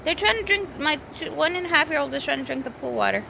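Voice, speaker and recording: A woman in her thirties with a high, animated, creaky voice talks fast over background noise. She rambles through a story about her week at home for a casual vlog, correcting herself and breaking off to scold the small children heard nearby.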